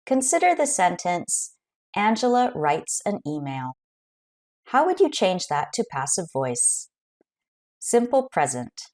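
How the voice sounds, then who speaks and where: A woman teaching an English grammar lesson, explaining clearly and carefully with example sentences. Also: lowish voice, sing-song, slow, a little mellow.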